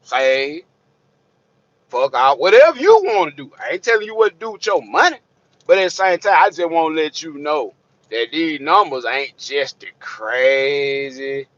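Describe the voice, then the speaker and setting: A man's voice: a little high, sing-song, moderate pace, fairly bright tone, no room sound. A man, a trucker vlogger ranting to camera in a blunt, profane, streetwise way, preaching and repeating himself. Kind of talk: blunt unscripted rant to camera. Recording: dull lo-fi recording.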